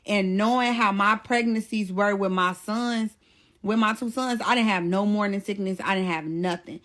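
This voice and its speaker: A woman's voice: medium pitch, normal speed. Chatty woman telling a storytime vlog. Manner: chatty, animated, addresses viewers as "y'all". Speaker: vlogger.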